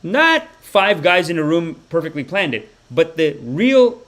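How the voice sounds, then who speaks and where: Canadian guy ranting on his live stream, cursing a lot, kinda high voice, loud bursts then mumbly bits. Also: measured pace. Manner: profane, animated, swings between loud outbursts and mumbles. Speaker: podcast host. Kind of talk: live-stream satirical commentary.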